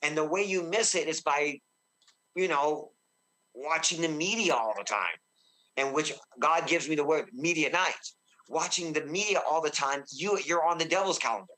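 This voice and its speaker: A man preaching fervently as a guest minister, shouting bursts of praise and slowing to a deep, solemn tone when he quotes God. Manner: slows and deepens when quoting God. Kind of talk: excited preaching in a talk show interview.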